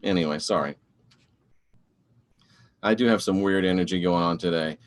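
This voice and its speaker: A man hosting a live online show, talking in a rambling, animated and preachy way while answering viewer comments. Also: deep voice, moderate pace. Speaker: online show host reading live chat. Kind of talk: casual live-stream talk.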